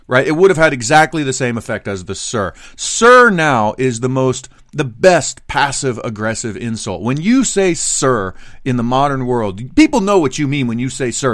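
A man's voice: medium pitch, big pitch swings, moderate pace, a bit bright, no echo, clean studio sound. A middle-aged man telling a rambling travel story in a casual monologue, full of restarts and asides.

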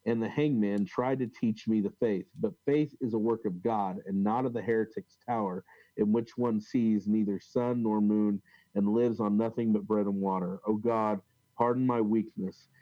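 A man's voice: fairly low pitch, steady tone, no room sound, highs cut off. A man co-hosting a casual talk on religious history, reading old accounts aloud with frequent fillers and restarts. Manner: halting, many restarts and fillers, reads quotes aloud. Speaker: podcast co-host.

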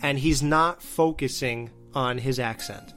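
A man's voice: medium pitch, unhurried, faint music behind. A man in casual chat reviewing a TV show, talking animatedly and acting out scenes. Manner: animated, mimics scenes with swearing.

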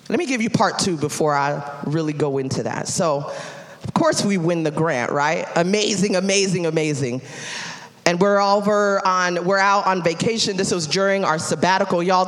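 A woman pastor preaching a sermon, telling a story and building to loud calls toward the end. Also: on the low side, moderate pace. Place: church sanctuary. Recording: live church hall with long reverb.

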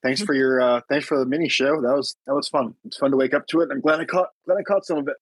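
A man's voice: mid-range voice, quick pace, slightly rough, no echo, low-quality recording. A man co-hosting a casual podcast in an easygoing, laid-back way. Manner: easygoing, laid-back, plugs an upcoming stream. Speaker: podcast co-host.

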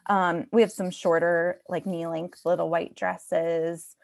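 A woman's voice: on the low side, level tone, slow pace, creaky, a little mellow. A woman who owns a bridal shop, talking casually in a podcast conversation with many fillers and restarts. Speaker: bridal boutique owner.

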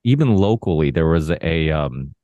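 Man, podcast guest, very deep voice, dry mic, meandering casual talk. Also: lively intonation, moderate pace, warm tone, no room sound. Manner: loose, meandering, self-correcting. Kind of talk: casual conversation.

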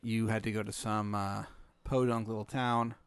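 A man hosting a podcast, improvising an absurd story in a rambling, deadpan way. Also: on the low side, moderate pace, clear, resonant tone, dry recording. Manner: rambling, deadpan, many fillers and restarts. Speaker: podcast host.

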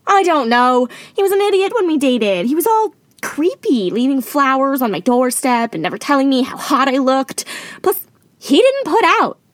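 A woman's voice: high-pitched, very animated, normal speed, no echo. A woman playing the host's vain, dramatic sister, a would-be starlet putting on an American accent in a comedy audio drama. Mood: flippant. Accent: put-on American. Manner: ditzy, theatrical, self-absorbed.

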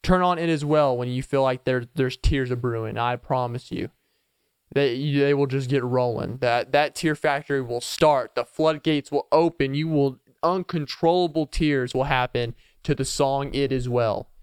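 A man hosting a casual solo podcast, rambling playfully and chuckling between thoughts. His voice is smooth and clear at a middle pitch. He is recorded close on the mic in a dry space with no echo. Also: moderate pace. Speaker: podcast host.

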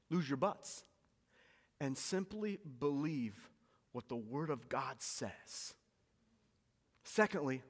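A man's voice: medium pitch, expressive, slow, pauses often. A male pastor preaching a sermon, telling stories with energy and repeating key lines for emphasis. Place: church hall. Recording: long reverb of a church hall.

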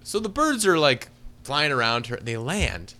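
Animated bright-voiced man. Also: mid-range voice, a little slow. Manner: animated, sarcastic, exaggerating. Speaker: podcast co-host. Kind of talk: casual chat, movie review.

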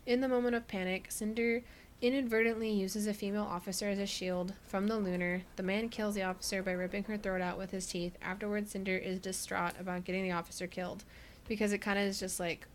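A woman's voice: medium pitch, little pitch movement, quick pace, slight background noise. A woman co-hosting a podcast, recapping a book in a casual chat, who laughs often and says "like" a lot. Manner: chatty, laughs often, many "like" fillers. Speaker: podcast co-host.

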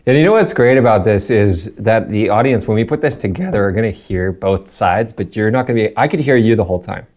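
Low-voiced man teasing over a dull call line. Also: brisk, hardly any pauses, darkish tone. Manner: teasing, giggly, swears playfully. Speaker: podcast co-host. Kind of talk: casual chat. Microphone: video call. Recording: dull lo-fi video call audio.

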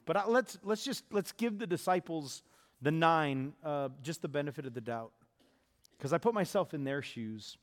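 A man preaching a sermon, acting out the voices of the people in his story and speaking with lively, conversational emphasis. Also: fairly high pitch, normal speed, long reverb tail. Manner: animated, acts out Jesus and disciples. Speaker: pastor.

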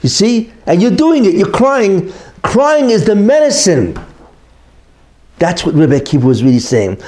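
A man's voice: high-pitched, big pitch swings, moderate pace, warm tone. A middle-aged man teaching a Torah lesson, emphatic and repetitive, posing rhetorical questions and then answering them. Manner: repeats key points for emphasis. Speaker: religious teacher.

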